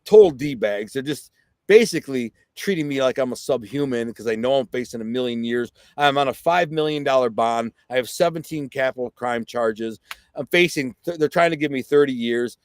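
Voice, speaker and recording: A man's voice: mid-range voice, moderate pace, dry recording. A man guest telling a personal story in blunt, plainspoken street talk. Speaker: podcast guest.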